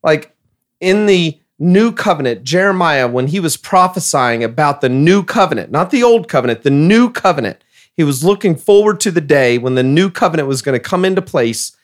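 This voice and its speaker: Emphatic pastor, a man with a slightly higher voice. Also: expressive, moderate pace. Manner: emphatic, reads scripture passages aloud. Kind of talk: casual podcast discussion.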